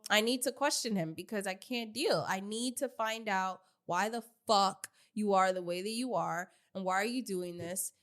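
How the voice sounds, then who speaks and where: A woman's voice: medium pitch, moderate pace, hardly any pauses, fairly bright tone. A young woman co-hosting a podcast in casual chat, giggly and emphatic, repeating herself to make a point. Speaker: podcast co-host.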